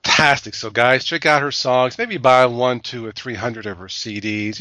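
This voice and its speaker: A man's voice: medium pitch, normal speed, hardly any pauses, pushed and bright, no echo. A man hosting a casual news chat show in a playful way, laughing at his own jokes, on a dull lo-fi recording. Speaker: show host.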